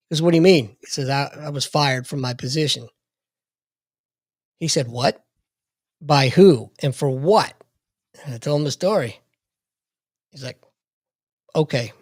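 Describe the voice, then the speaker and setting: A man's voice: mid-range voice, dry recording, clean studio sound. A man in his forties telling a profane story in a casual podcast chat.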